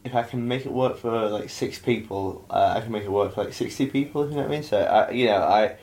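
A man's voice: mid-range voice, fast, darkish tone. A young man hosting a podcast, rambling casually with lots of fillers and self-mocking asides, slightly hungover. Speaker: podcast host. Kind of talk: casual chat.

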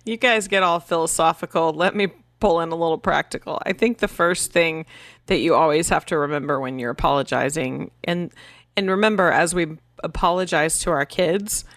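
A woman co-hosting a parenting podcast talks in a lowish voice. She chats casually and slips into higher, playful voices when she quotes her children. The recording is dry and close to the mic. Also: normal speed, dry recording. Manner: animated, acts out quotes in higher voice. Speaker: podcast co-host.

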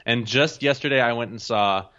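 A man co-hosting a podcast in casual chat, talking quickly and swearing casually. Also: mid-range voice, pushed and bright, lo-fi sound. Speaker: podcast co-host.

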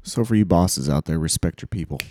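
A man's voice: sits low, animated, fairly quick, dark tone, no echo. A man co-hosting a faith podcast, chatting in a laid-back, conversational way. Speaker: podcast co-host. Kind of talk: casual faith talk.

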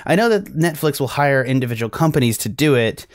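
A man's voice: medium pitch, lively intonation, a little fast, no echo, clean studio sound. An American man co-hosting a film review podcast, talking casually and rambling with many restarts. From United States. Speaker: podcast co-host.

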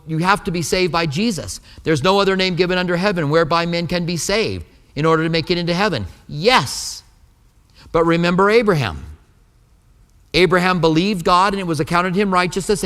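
A man's voice: sits high, fairly quick, fairly bright tone. A man preaching a sermon as pastor, telling stories in a conversational way and acting out the dialogue. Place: church sanctuary. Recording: long hall reverb.

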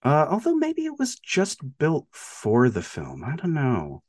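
A man's voice: a little high, huge pitch swings, unhurried, darkish tone, dry recording, studio quality. A man co-hosting a podcast, casually retelling a movie with lots of laughs and filler words. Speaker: podcast co-host.

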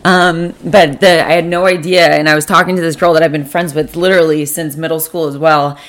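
A woman's voice: low voice, steady tone, brisk. A young woman hosting a solo podcast, chatting casually at a table at home, rambling, swearing often and correcting herself as she goes. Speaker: podcast host.

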